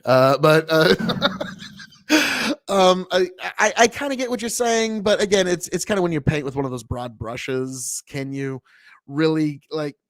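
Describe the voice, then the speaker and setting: A man's voice: on the high side, dry recording, clean studio sound. A man from the United States hosting a casual reaction show, talking in a rambling, profane way with many restarts. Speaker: host reacting to a video.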